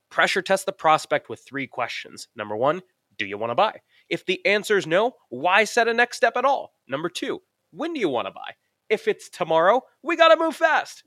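Bright, high-voiced man, punchy tip read. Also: no room sound, studio quality. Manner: punchy, counts points off. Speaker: sponsored tip presenter. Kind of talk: scripted sales tip read.

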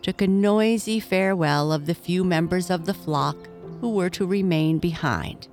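A woman reading a children's bedtime story aloud in a gentle, measured way. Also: on the low side. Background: faint music.

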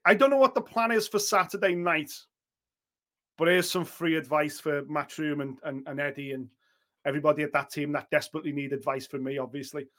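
A man's voice: fairly high pitch, fairly quick, a bit bright. A man giving blunt, opinionated boxing talk on a podcast, swearing freely and acting out what others might say. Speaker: boxing pundit.

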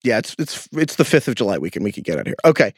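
A man co-hosting a casual sports podcast, talking in an animated, rambling, joking way. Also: fairly low pitch, very fast, slightly rough, no room sound, clean studio sound. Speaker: podcast co-host. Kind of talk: casual chat.

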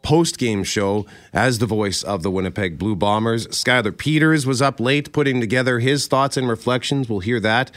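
A man co-hosting a morning radio show, telling stories animatedly and still a little hoarse from a cold. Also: mid-range voice, moderate pace, few pauses, dry recording. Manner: animated storytelling, acts out quoted voices. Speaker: radio co-host. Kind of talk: casual radio chat. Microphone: studio microphone.

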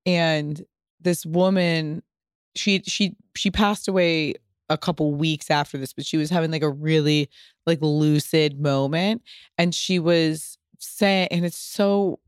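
Young woman podcast co-host, lively storyteller, dry close sound. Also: low-pitched, takes it slowly, smooth, no room sound. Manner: animated storyteller, acts out voices loudly. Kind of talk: casual chat.

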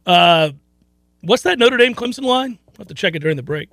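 A man with a noticeably high voice hosts a sports talk radio show, speaking a little fast. His delivery is casual and excited, with frequent laughter and repetition, recorded close and dry into a studio mic with no room sound.

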